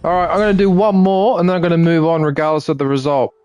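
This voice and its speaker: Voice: medium pitch, little pitch movement, fast talker, a little mellow, smooth. A streamer giving live commentary while gaming, frustrated and swearing often, talking back at the game.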